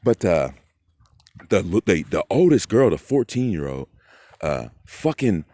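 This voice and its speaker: A man's voice: low voice, very animated, measured pace, dark tone. A man in a rambling, profane monologue to camera, agitated and full of fillers. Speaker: vlogger.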